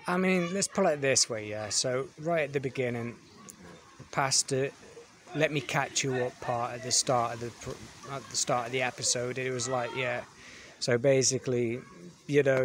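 Male reviewer, blunt ranting delivery, mid-pitched voice, faint background hiss. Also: steady tone, moderate pace. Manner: blunt, dismissive, repeats "you know what I mean".

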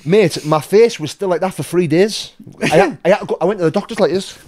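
A man's voice: high-pitched, fast talker, darkish tone. A young man with a Northern English accent, telling a wild story as a podcast guest, swearing, laughing and repeating his words. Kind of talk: casual storytelling.

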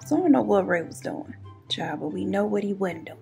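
A woman's voice: mid-range voice, animated, fairly quick, creaky, a little mellow, soft background music. A woman, telling a true crime story in a casual, sassy way while doing her makeup at home. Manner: chatty, sassy asides. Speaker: beauty and true crime YouTuber.

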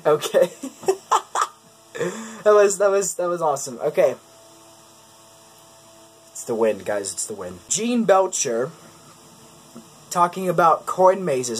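A man's voice: fairly high pitch, expressive, a little slow, long pauses, a bit bright, slightly rough, rough recording. A man hosting his own casual impressions video, introducing each bit and poking fun at his own attempts. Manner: self-deprecating, chuckling between takes. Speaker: YouTube host.

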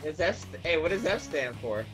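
A man's voice: on the high side, lively intonation, a little fast, music in the background. Joking man streaming a game. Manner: joking, rambling. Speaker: livestreamer. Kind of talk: casual game-stream chat.

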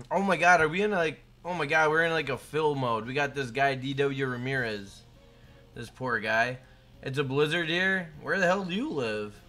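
A man's voice: on the high side, normal speed, faint music behind. A young man live-streaming a game, chatting casually and hyping up his chat by name. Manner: hyped, shouts out chat names.

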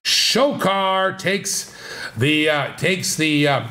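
A man's voice: a little high, lively intonation, very slow, pushed and bright, reverberant, a little hiss or hum. Playful man calling a diecast auction. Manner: playful, rhythmic, repetitive auctioneer chant. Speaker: auctioneer and channel host. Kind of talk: live online auction patter.

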